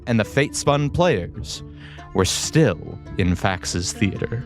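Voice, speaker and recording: A man narrating as game master of a tabletop game in a calm, measured storytelling manner. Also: mid-range voice.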